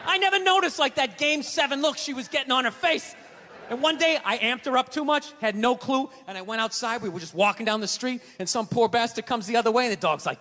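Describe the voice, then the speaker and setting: A man doing a stand-up comedy set on stage, ranting and profane, swinging between low mutters and shouts, with audience laughter. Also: expressive, fast talker. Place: large theater stage. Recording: live theater, long reverb, audience noise.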